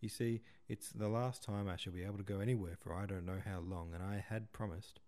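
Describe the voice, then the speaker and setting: A man's voice: fairly low pitch, fairly even intonation, a little fast, a little mellow, lightly acted. A man reading the lines of an offhand, self-absorbed young woman. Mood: breezy.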